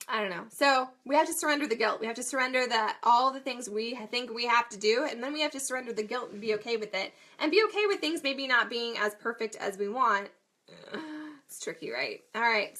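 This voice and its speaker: Woman, 30s, mom vlogger; bright, slightly high voice, chatty, laughs at herself. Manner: chatty, self-deprecating, laughs often. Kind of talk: casual talk to camera.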